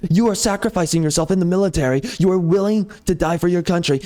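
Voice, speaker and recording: A man's voice: high voice, fast talker, dark tone. A man ranting off the cuff over gameplay, heated and sarcastic, often repeating himself. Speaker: gaming channel host.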